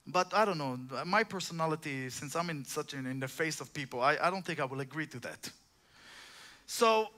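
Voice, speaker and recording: Male preacher, informal sermon, impassioned and rambling, piercing bright tone. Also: high voice. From Israel. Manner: impassioned, rambling with restarts and asides.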